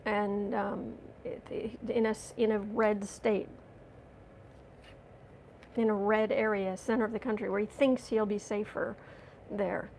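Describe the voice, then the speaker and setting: A woman's voice: medium pitch, level tone, measured pace, vocal fry, pauses often, darkish tone, a little hiss or hum. A woman hosting a livestream as a tarot reader, chatting casually and sarcastically while reading out viewer comments.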